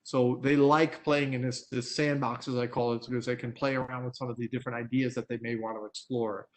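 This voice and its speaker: A man of medium pitch gives a live online training over a video call mic. He tells product stories candidly and laughs at his own anecdotes, in a relaxed, easygoing way. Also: a little fast. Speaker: product expert presenter.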